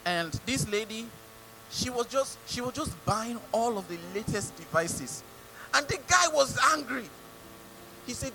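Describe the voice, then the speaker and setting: A man's voice: high voice, normal speed, pushed and bright, a little hiss or hum, low-quality recording. A male pastor with a Nigerian English accent preaching a sermon, mimicking people and asking the congregation rhetorical questions.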